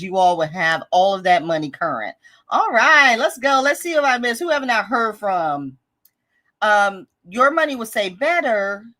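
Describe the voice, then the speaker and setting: Upbeat woman live-stream host, higher voice with very animated pitch, casual and encouraging, reads chat comments aloud. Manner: upbeat, encouraging, chatty, laughs often.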